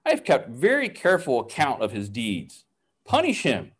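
A smug, self-righteous brother eagerly points out others' faults, as a man reads him aloud. His voice bounces widely in pitch with an accusing, eager push in a storybook telling. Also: huge pitch swings, normal speed, husky.

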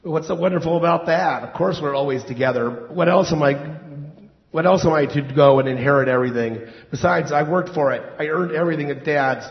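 A man's voice: on the high side, brisk, close to an everyday voice. A man playing a resentful, self-righteous older son. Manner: complaining, defensive, sarcastic. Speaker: client of a counselor. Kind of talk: stage play dialogue. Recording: roomy dull hall recording.

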